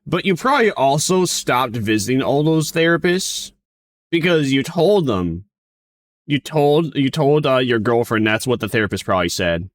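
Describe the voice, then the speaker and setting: A man's voice: mid-range voice, big pitch swings, moderate pace, no echo, clean studio sound. A man streaming a reaction to a video, talking casually in a mocking, rambling way full of restarts.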